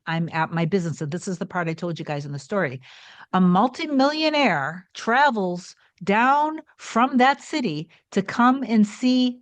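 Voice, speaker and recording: A woman's voice: mid-range voice, no room sound. A woman coach earnestly telling a personal story in a rambling, heartfelt way. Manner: earnest, rambling with restarts and acted quotes. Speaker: manifestation coach.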